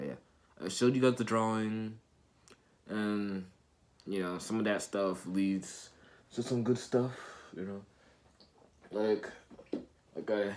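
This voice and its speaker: A young man vlogging casually from his bedroom about customizing sneakers, rambling and laid-back, sounding sick with a cold. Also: deep voice. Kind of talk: casual chat to camera.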